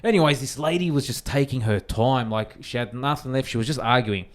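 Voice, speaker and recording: Brisk and mid-range, this young adult Australian man co-hosts a laid-back podcast, swearing a lot while he recounts a story and performs its quotes with animation.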